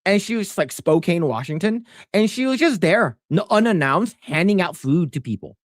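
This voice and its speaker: A man co-hosting a casual podcast chat who rambles with many restarts and stammers and gets animated when pressing a point. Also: high voice, moderate pace, dry recording, studio quality. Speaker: podcast co-host.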